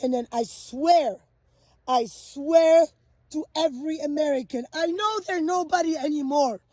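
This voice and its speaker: High-voiced woman on an agitated rant. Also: unhurried, dry recording. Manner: agitated and profane, lurching between shouting and low muttering. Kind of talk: ranting monologue.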